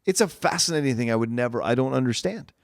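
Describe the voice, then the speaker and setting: Lively man with dry voice. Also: mid-range voice, fast, gravelly, no room sound. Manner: short reactions and teasing jokes. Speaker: podcast co-host. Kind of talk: casual film discussion. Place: living room.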